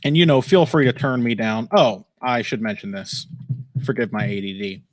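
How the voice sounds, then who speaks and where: A man's voice: lowish voice, normal speed, no echo. A man hosting a casual live fight commentary stream, rambling and wry, swearing freely and laughing often. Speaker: podcast host. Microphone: headphones and desk mic.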